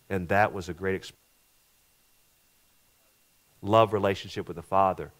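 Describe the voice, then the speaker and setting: Middle-aged male pastor, lowish voice, sermon delivery, surges loud then drops to a hush, repeats himself. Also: fairly even intonation, unhurried, pauses often. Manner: preaching with swings from loud emphatic to hushed; repeats words and restarts, asks the congregation questions.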